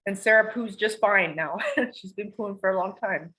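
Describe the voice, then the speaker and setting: A woman's voice: mid-range voice, normal speed, bright, forceful tone, poor audio. A candid, rambling woman storyteller. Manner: rambling, emotional, confessional; swears casually. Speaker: podcast guest.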